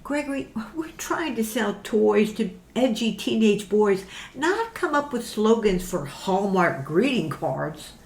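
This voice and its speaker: A woman playing a brisk, lively promoter. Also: mid-range voice. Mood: upbeat. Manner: upbeat, lively, salesy. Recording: roomy echo.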